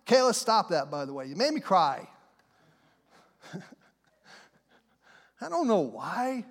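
A man's voice: sits high, very animated, slow pace. A man preaching a sermon in a church, fervent and conversational, often putting questions to the congregation. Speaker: pastor. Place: church sanctuary. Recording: long reverb of a large hall.

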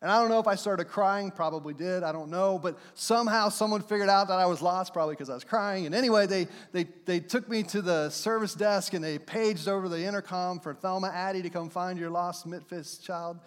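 Man, pastor, high voice, animated sermon, storytelling, long hall reverb. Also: brisk, few pauses. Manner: storytelling, animated, acts out shouts and quotes. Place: church sanctuary.

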